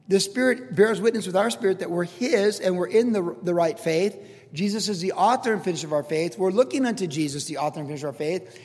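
An older man preaches a sermon, his voice pitched high. He teaches in an earnest, conversational way, slipping in casual asides as his words ring out in a long, reverberant hall. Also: a little mellow. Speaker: pastor.

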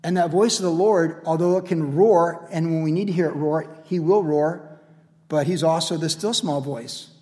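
A male pastor with a notably high voice delivers a lively, casual sermon. He leans on repeated refrains and builds energy as he goes. The sound carries a long, church-like reverb. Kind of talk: radio sermon.

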